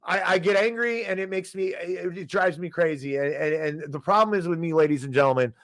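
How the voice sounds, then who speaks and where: A man's voice: high voice, a little fast, a bit bright, dry recording. A man hosting a finance show, ranting heatedly with frequent restarts and apologies. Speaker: podcast host.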